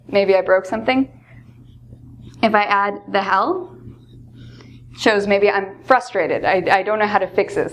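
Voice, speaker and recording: A woman teaching English, explaining expressions patiently and acting out example lines with lively emphasis. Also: mid-range voice, unhurried, pauses often. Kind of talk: explaining English phrases in a lesson.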